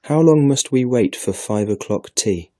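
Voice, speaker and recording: A man's voice: medium pitch, animated, a little slow, dark tone, no echo, studio quality, pitched above the performer's own voice, lightly acted. A man voicing a timid, curious little girl who asks pleading questions in a raised voice, reading a storybook aloud. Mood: plaintive.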